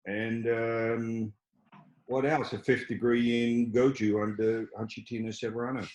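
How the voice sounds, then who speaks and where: An older Australian man chatting as a guest over a video call, dry and teasing in a measured way. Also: mid-range voice, level tone, a little mellow, roomy sound, rough recording. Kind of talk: casual video-call chat.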